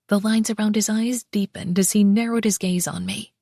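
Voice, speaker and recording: A woman narrating a first-person romance audiobook in an expressive, wry way on a close mic. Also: medium pitch, moderate pace, gravelly, hardly any pauses, no echo.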